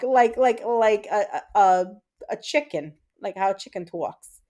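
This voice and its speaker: A woman's voice: mid-range voice, expressive, measured pace, darkish tone. A woman in her thirties with a Puerto Rican accent, hosting a casual livestream and chatting with viewers, reading comments aloud and rambling with fillers. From Puerto Rico. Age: 30s. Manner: chatty, reads out chat comments, frequent fillers and repeats. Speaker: livestream host.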